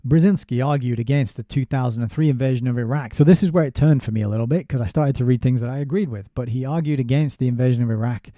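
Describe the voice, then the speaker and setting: Male book reviewer with a deep, warm, dark tone and a dry close sound. He is sardonic and halting. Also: no echo. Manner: sardonic asides with halting restarts. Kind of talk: casual spoken book review, reading passages aloud.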